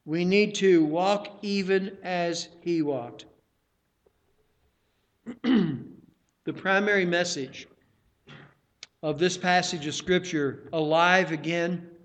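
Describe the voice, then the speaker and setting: High-voiced man preaching slowly. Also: a bit bright. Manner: deliberate, repeats phrases for emphasis; exhorting the congregation with questions. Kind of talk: sermon.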